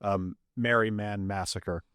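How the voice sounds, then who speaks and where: A man with a fairly low voice chimes in with plot details in a plain, matter-of-fact way. His voice is close and dry, with no room around it. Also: fairly even intonation, a little slow, fairly bright tone, clear, resonant tone, dry recording. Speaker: podcast co-host. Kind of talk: casual movie-review chat.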